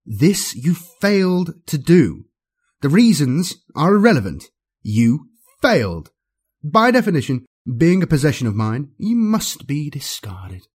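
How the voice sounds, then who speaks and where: A man voicing a cruel, imperious male alien overlord in an audiobook, cold and commanding, with drawn-out words. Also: a little high, sing-song, breathy edge, pitched above the performer's own voice, exaggerated voice. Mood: menacing. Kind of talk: audiobook character voice.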